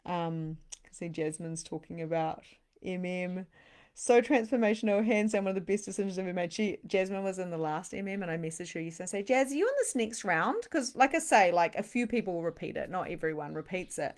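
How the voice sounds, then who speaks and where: Bubbly woman coach with a lower voice. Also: lively intonation. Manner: bubbly, chatty, reads comments aloud, quick laughs. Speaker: spiritual coach hosting a livestream. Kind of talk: live-streamed sales pitch and chat.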